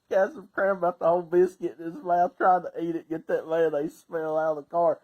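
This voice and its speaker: A middle-aged man with a Southern Appalachian accent, telling casual stories in a folksy way, laughing often and sometimes breaking into loud shouts. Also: fairly high pitch, steady tone, a little fast, hardly any pauses, poor audio. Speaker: storyteller. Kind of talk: casual storytelling.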